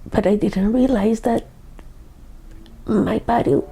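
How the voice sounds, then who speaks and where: A woman, a hypnosis client recounting memories in a halting, hushed, often whispered, trance-like way. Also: fairly high pitch, steady tone, gravelly, breathy edge, rough recording. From Ecuador.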